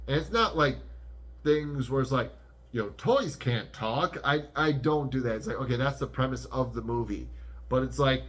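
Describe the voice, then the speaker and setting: A man's voice: medium pitch, fairly bright tone. A young man co-hosting a podcast, rambling and correcting himself as he chats casually. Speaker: podcast co-host.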